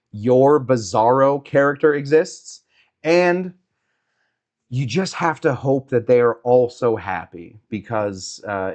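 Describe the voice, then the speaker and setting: A middle-aged man talks casually on a live stream from a hotel room. His voice sits at an ordinary middle pitch. He rambles and muses, full of fillers and small laughs. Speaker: host of a cocktail show.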